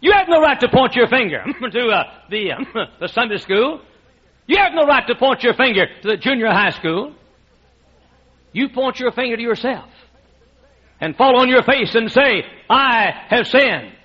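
A man's voice: very high voice, big pitch swings, normal speed, long pauses, husky. A man preaching a sermon as pastor, emphatic and swinging between jokes and pleading. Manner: emphatic preaching with frequent laughter from the room. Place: church sanctuary. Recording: muffled lo-fi sermon recording.

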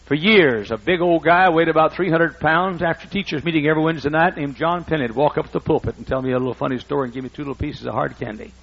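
A man in his sixties preaching a sermon, emphatic and repetitive as he builds toward shouting. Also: fairly high pitch, quick pace, creaky, few pauses, lo-fi sound. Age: 60s. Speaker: pastor.

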